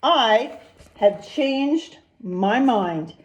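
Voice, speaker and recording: A woman voicing a fussy male panda in a picture book read-aloud, giving high, drawn-out refusals. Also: lively intonation. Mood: refusing.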